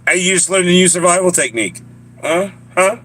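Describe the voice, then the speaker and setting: A man's voice: high-pitched, lively intonation, rapid-fire, fairly bright tone. A man with a Southern US accent chatting casually on a live stream, joking and laughing often as he rambles to his viewers.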